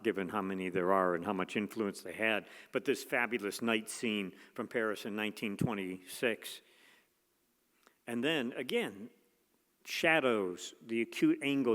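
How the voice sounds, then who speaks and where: A man's voice: on the low side, fairly bright tone. A man giving a museum gallery talk to an audience, enthusiastic and exclamatory, with many fillers and restarts. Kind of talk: lecture to an audience. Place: museum lecture hall. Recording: long hall reverb.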